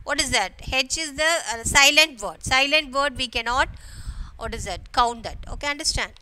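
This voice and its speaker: A woman teacher with an Indian English accent giving a grammar lesson to schoolchildren, explaining slowly and repeating "okay" and questions to the class. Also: high voice, pushed and bright. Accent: Indian English, from Kerala. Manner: slow, repetitive explaining with frequent "okay" and rhetorical questions.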